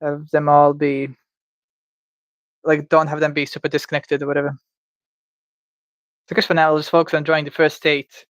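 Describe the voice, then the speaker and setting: A man's voice: fairly high pitch, completely flat delivery, moderate pace, pauses often, fairly bright tone, no echo. A man livestreaming himself drawing, rambling and thinking aloud with stammers, restarts and playful asides. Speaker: livestreamer drawing game creatures. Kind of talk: casual livestream self-talk. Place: indoors at home.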